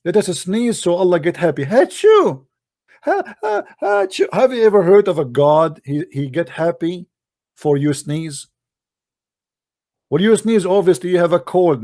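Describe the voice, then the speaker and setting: A man's voice: on the high side, mellow. A man giving a mocking, sarcastic polemical monologue in broken English grammar. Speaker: religious debate commentator.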